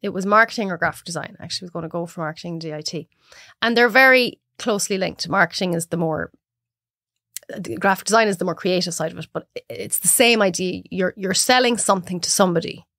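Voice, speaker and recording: An Irish woman cook talking as a podcast guest, a chatty, animated storyteller who laughs often. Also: on the low side, fast talker, dry recording, clean studio sound. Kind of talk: casual chat.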